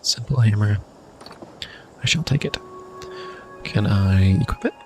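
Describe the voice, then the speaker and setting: A man's voice: fairly low pitch, a little slow, warm tone. A man hosting a game channel, reading game text aloud as he plays, often laughing and making wry asides. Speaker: gaming channel host. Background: faint game music.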